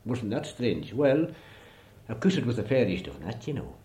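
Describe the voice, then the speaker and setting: Donegal storyteller, older style, rambling folksy delivery. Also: male voice, medium pitch, sing-song, moderate pace, dark tone. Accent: Irish (Donegal). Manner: rambling, repetitive "he says". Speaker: traditional storyteller. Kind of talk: folk storytelling.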